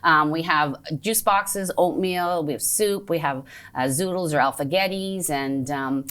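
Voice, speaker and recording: A woman's voice: low voice, a little slow, fairly bright tone, clear, resonant tone. A woman with a Canadian accent, a program coordinator speaking as a guest on a community TV show, earnest and a little stumbling with fillers. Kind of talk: community TV interview.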